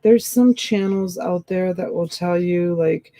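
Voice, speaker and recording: Chatty sleepy lady host on a live sale, slow and easygoing. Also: lowish voice, dark tone, poor audio. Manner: chatty, rambling commentary on old photos. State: sleepy, yawning. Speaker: live-stream seller. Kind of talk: casual live-stream chat.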